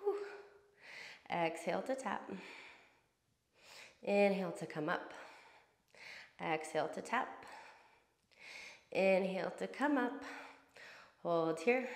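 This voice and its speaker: Woman yoga teacher, mid-pitched voice, steady breath cues, roomy sound. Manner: calm, slow cueing of breath and poses. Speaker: yoga instructor. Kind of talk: guided yoga class instruction.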